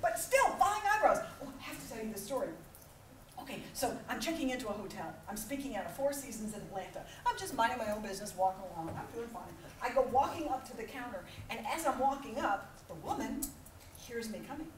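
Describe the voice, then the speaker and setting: A woman's voice: on the high side, animated, fast, noisy background. A middle-aged woman giving a humorous motivational conference talk, acting out little scenes with laughter. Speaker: keynote speaker. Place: large conference hall. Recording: echoey hall, voice from far off.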